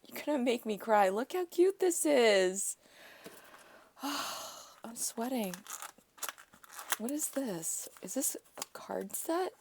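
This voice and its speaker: Gushing woman unboxing gifts, slow. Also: mid-range voice. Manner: gushing, gasping, excitable. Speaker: craft vlogger. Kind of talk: gift unboxing vlog.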